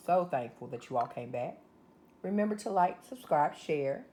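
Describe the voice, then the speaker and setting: A woman's voice: lowish voice, animated, normal speed, mellow. A woman with a Southern US accent hosting a casual cooking video, chatting to viewers as she works. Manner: chatty, addresses viewers as y'all. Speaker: cooking channel host.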